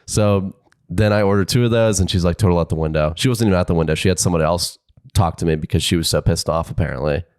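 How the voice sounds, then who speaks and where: A man's voice: low voice, quick pace, darkish tone, no room sound, clean studio sound. A man co-hosting a podcast, telling a story animatedly, acting out both sides and laughing often. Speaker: podcast co-host. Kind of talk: casual chat.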